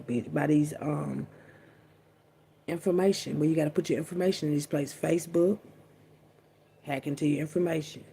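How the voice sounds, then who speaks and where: Gravelly-voiced woman ranting casually. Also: low voice, slight background noise. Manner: profane, animated, drawn-out emphasis, frequent asides. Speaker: vlogger. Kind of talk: casual rambling monologue to camera.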